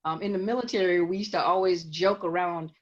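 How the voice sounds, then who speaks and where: A guest counselor in an interview explains things emphatically, often repeating words to build her point. Her voice is fairly low with fairly even intonation, and she speaks fairly quickly on dull, lo-fi audio.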